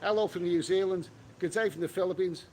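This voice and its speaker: A man's voice: sits high, steady tone, mellow, slight background noise. A middle-aged man reading out live chat on a travel livestream, talking bluntly and chattily, recorded outdoors on a street. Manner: blunt, chatty, quick to snap at trolls.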